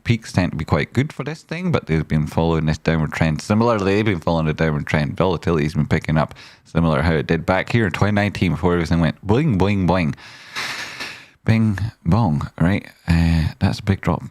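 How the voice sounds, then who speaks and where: A man's voice: low voice, darkish tone, dry recording. A man hosting a trading stream, giving casual, rambling and jokey chart commentary with a repeated "right?".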